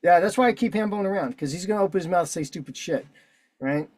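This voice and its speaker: A man's voice: sits high, fast talker, no room sound. Profane combative man on a video call. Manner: profane, combative, talks while filling out a form. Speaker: online meeting host. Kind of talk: casual instructional walkthrough.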